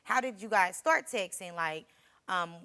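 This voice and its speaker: A woman's voice: mid-range voice, a little slow, pushed and bright. A young woman appearing as a talk show guest, speaking hesitantly with many fillers as she confronts her friend.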